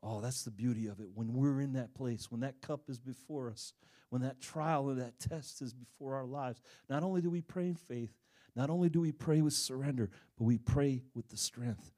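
A middle-aged man preaching a sermon, animated, swinging between loud bursts and hushed stretches as he acts out the people in his stories. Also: medium pitch, normal speed. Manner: animated, dramatic swings in volume, acts out quoted voices.

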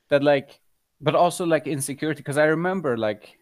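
A man's voice: fairly high pitch, brisk, no room sound. A young man with a mixed British, American and Iranian accent, a podcast guest talking casually and telling stories with lots of fillers. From Iran. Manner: chatty storyteller, many fillers. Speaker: podcast guest, fitness coach. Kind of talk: casual conversation.

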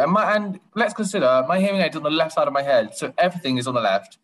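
A man's voice: expressive, quick pace, few pauses, fairly bright tone. Young man, playful co-host. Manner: teasing, playful, jumps into high voices for quotes. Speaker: podcast co-host. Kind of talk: casual chat.

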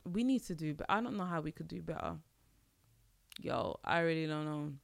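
A woman's voice: sits low, animated, normal speed, vocal fry, dry recording. A young woman talking casually on her own podcast, exasperated and slangy, laughing often. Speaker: podcast host. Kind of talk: casual solo podcast monologue.

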